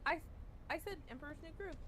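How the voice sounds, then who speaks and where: A woman's voice: high voice, fast, a bit bright. A woman co-streaming a video game, chatting playfully and teasing. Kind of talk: casual chat. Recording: noisy stream audio.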